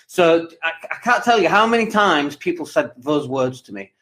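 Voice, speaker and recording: An English podcast host and property coach does a livestream monologue, casual and animated, packed with jokes and rants. His voice is on the high side, and he talks at a normal speed with hardly any pauses.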